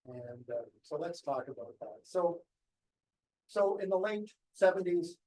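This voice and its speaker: A man's voice: a little high, expressive, a little slow, mellow, rough recording. A man giving an anecdotal presentation to a club, rambling a little with ums and restarts. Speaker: guest speaker.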